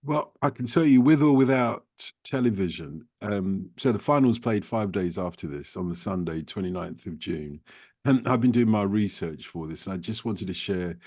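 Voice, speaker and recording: A man hosting a podcast conversation, chatty and playful and quick to laugh. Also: fairly low pitch, expressive, darkish tone. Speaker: podcast host.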